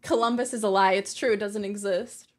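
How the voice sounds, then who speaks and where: A woman's voice: medium pitch, steady tone, brisk. A woman streamer chatting casually with her viewers, laughing often and reading their messages aloud.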